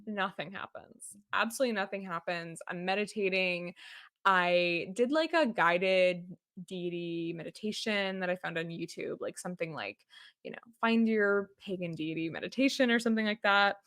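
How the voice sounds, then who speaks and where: A woman's voice: fairly low pitch, normal speed, a bit bright, no echo, clean studio sound. Chatty woman podcaster from boston. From Boston, USA. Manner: chatty, lots of "like" fillers, laughs often. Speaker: podcast host. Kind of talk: casual personal storytelling.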